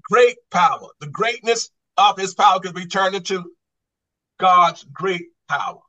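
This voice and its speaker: High, bright-voiced Bible study teacher. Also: male voice, measured pace, poor audio. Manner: quizzing the class with repeated questions; restarts and repeats words when stressing a point. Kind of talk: Bible study lesson on Greek grammar.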